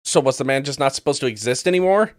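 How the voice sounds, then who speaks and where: In a clean, dry studio recording, a male podcast host with an expressive mid-range voice talks quickly as he reacts to news clips. His casual commentary is blunt and sarcastic, and he swears often.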